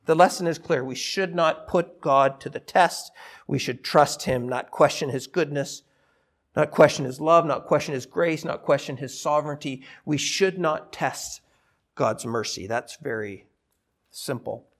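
A man's voice: on the high side, measured pace. A middle-aged male pastor preaching a sermon, emphatic and repetitive in his delivery. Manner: emphatic, repeats himself, animated delivery.

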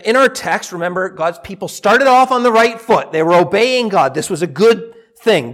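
A middle-aged male pastor preaching a sermon, emphatic and repetitive in his delivery. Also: high-pitched. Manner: emphatic, repeats himself, animated delivery.

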